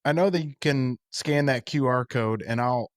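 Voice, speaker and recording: A man's voice: mid-range voice, moderate pace, no room sound, clean studio sound. A man hosting a podcast, asking brief friendly questions. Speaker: podcast host. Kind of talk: casual interview chat.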